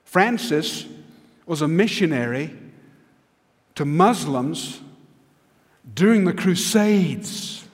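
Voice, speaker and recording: A man preaching an earnest, emphatic sermon from a church pulpit. His voice sits a little high for a man, and the long reverb of the sanctuary trails after every phrase. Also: expressive, takes it slowly, pauses often. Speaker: pastor.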